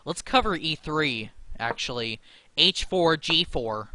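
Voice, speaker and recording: Young man, chess commentary, anxious, slightly high voice, dry sound. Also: expressive, takes it slowly, pushed and bright, no echo. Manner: anxious, self-talking, laughs nervously. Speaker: chess streamer. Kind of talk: live game commentary.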